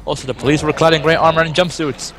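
A man's voice: fairly high pitch, fairly even intonation, fast, fairly bright tone, faint music behind. A young man reading fan fiction aloud in a casual way, breaking off with amused, laughing asides. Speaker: reader.

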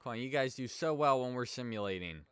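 A young man casually commentating on his own hockey video game as he plays, chatting and reacting loudly to plays. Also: mid-range voice, lively intonation, fast talker, clear, resonant tone. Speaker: gaming YouTuber. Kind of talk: casual let's play commentary.

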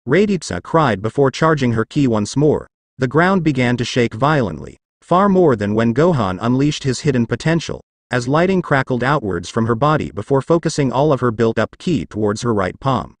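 A man reads a fan fiction story aloud with dramatic flair. His pitch rises and falls a lot, and the close microphone gives a dry, intimate sound with no room echo. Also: expressive, normal speed, few pauses.

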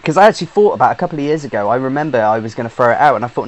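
Swearing British gamer rambling casually. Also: male voice, mid-range voice, animated, very fast, low-quality recording. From Britain. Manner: chatty and swears freely, with many fillers and restarts. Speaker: YouTube gamer.

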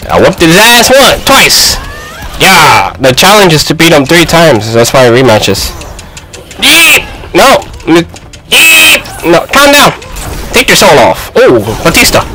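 An excitable young man plays a fighting game and comments on it the whole time, shouting and trash-talking at his opponent. His voice is bright and forceful, and it leaps all over the place in pitch. He talks at an unhurried pace between the bursts of yelling. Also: a little hiss or hum, rough recording. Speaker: gaming YouTuber.

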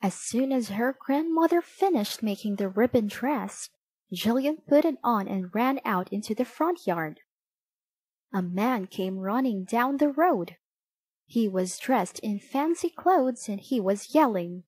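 A woman reading a children's picture book aloud in a slow, expressive storytelling way. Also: a little high, husky, dry recording. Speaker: storybook reader.

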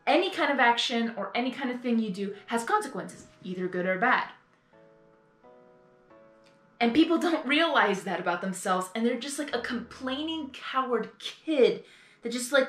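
A woman's voice: mid-range voice, lively intonation, a little fast, a bit bright. A woman reacting live to an audio drama, ranting earnestly and rambling, and often apologizing for going on. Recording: echoey room, faint music behind.

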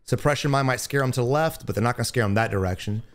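A man's voice: mid-range voice, racing. Blunt, foul-mouthed young man commentating. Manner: blunt, profane, teasing; bursts of loud excitement. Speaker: gaming streamer. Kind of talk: gameplay commentary.

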